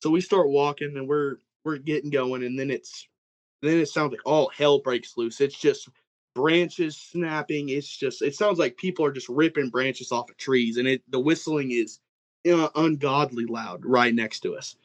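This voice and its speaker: A young man from Oklahoma recounts a creepy night in the woods as a podcast guest. His voice sits at an ordinary middle pitch, and he rambles, circling back to act out what his brother and friends said. It is casual, unscripted storytelling. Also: normal speed. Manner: rambling, animated retelling with many "like"s and quoted dialogue. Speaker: guest telling an encounter story.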